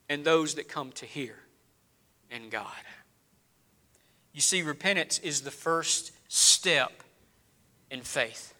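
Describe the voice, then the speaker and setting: A preacher with a high, bright, ringing voice delivers a sermon in church. He drops to low, hushed phrases, then climbs back to loud, urgent appeals. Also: takes it slowly, long pauses. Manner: preaching with rising and falling intensity, dropping low then building loud. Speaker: pastor.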